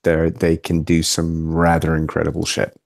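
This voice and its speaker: A man guesting on a casual podcast, animated and quick to disagree. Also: very deep voice, gravelly, no room sound. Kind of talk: casual discussion.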